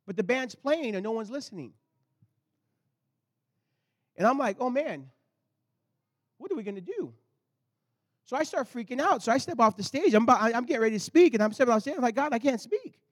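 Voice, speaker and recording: A man delivers a sermon in a high, bright-sounding tenor. He tells his story in animated swings, jumping to loud outbursts and then dropping to low, intense passages. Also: a little fast, long pauses. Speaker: pastor.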